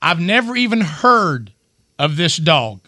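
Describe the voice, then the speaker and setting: A man's voice: fairly high pitch, a little slow, dry recording, clean studio sound. A middle-aged man, hosting a radio show and telling a long family story with lots of restarts. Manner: animated storyteller, many restarts. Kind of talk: storytelling casual chat.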